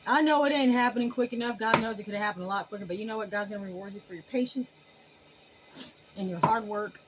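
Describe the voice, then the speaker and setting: A woman giving a casual tarot reading to her viewers in an animated, emphatic way, often laughing. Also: mid-range voice, fast, a little hiss or hum, low-quality recording. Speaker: tarot reader.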